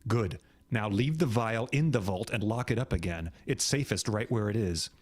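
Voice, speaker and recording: A man's voice: lowish voice, animated, normal speed, dry recording. A man voicing a terse, commanding male terrorist leader from an adventure book, read aloud with mild gravity. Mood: stern.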